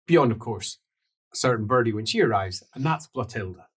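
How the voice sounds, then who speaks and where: A man narrating a tabletop game as game master, in an unhurried, animated way. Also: mid-range voice, husky.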